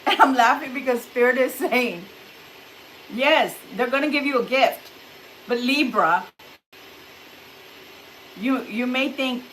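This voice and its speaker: Middle-aged woman, tarot reader, high and unhurried, chatty with easy laughs, sitting a bit back from the camera. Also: fairly bright tone, slight background noise, poor audio. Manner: chatty, laughs often, acts out quoted reactions. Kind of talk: casual tarot reading to camera. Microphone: camera a little distant.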